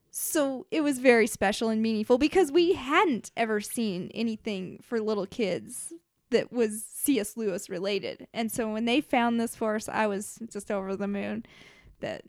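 A woman in her thirties co-hosting a podcast, chatting casually about children's books, animated and laughing often. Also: on the high side, no room sound, clean studio sound. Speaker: podcast co-host.

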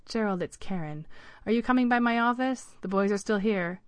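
A woman voicing a brisk female elf boss speaking matter-of-factly. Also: medium pitch, no echo, clean studio sound, close to an everyday voice.

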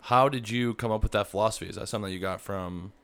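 An interviewer asking brief, halting questions with fillers. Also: medium pitch, fairly bright tone, clear, resonant tone.

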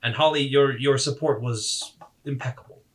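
A man voicing a stern older male orc martial arts instructor, measured and reproving. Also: mid-range voice, steady tone, close to an everyday voice.

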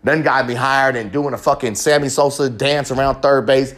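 A man's voice: medium pitch, fairly even intonation, a little fast, a bit bright. A man hosting a podcast, delivering a raw, profane, rambling confessional monologue with real passion. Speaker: podcast host.

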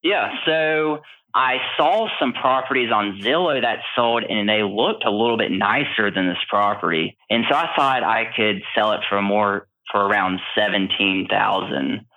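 A male guest in an interview, telling his story in an animated way with many fillers. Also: fairly low pitch, measured pace. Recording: tinny phone-like line.

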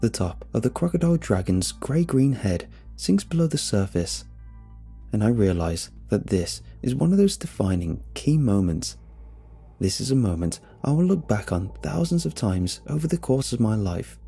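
A man's voice: mid-range voice, sing-song, moderate pace, gravelly, warm tone, husky. A man narrating a horror story in a dramatic, tense first-person telling. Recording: faint music behind.

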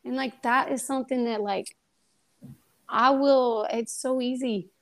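A young woman, a guest on a faith podcast, tells a personal testimony in a lively, casual way and acts out the voices in her story. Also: on the high side, measured pace.

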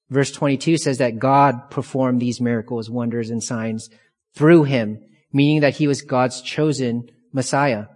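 A man of middle pitch delivers a verse-by-verse sermon, slow and emphatic, leaning on repeated phrases. His voice rings with the long reverb of a large church hall. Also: darkish tone. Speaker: pastor. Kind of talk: expository sermon.

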